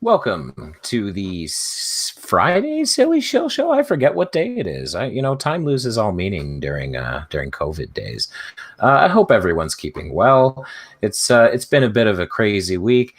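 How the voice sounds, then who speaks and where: A man hosts a casual online panel over a video call. His voice sits low but moves a lot in pitch. He is easygoing and keeps repeating "excellent". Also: very animated, normal speed. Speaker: host.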